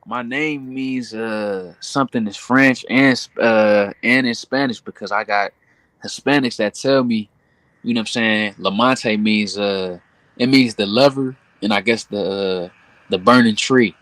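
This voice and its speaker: A man's voice: lowish voice, a little slow, fairly bright tone, dry recording. A man in easygoing casual chat, slangy with "uh" fillers. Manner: laid-back slangy talk with fillers.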